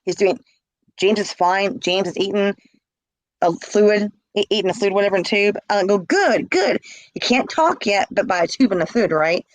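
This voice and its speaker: A woman's voice: medium pitch, fairly even intonation, moderate pace, no echo, rough recording. A middle-aged woman, telling a personal story with passion and repeating herself. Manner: impassioned, repeats herself, acts out quoted calls. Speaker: interviewee. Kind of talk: emotional personal account.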